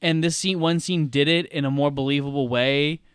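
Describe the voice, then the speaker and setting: Excitable swearing man recapping a scene. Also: fairly high pitch, normal speed, clean tone, no room sound, studio quality. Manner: excitable, profane play-by-play retelling. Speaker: podcast co-host. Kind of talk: casual film podcast chat.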